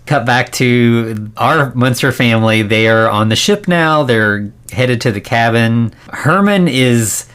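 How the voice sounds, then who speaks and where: A man's voice: medium pitch, slow, few pauses, fairly bright tone, smooth. Rambling man recapping a movie. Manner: rambling, filler-heavy, laughs often. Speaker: podcast co-host. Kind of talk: casual movie recap chat.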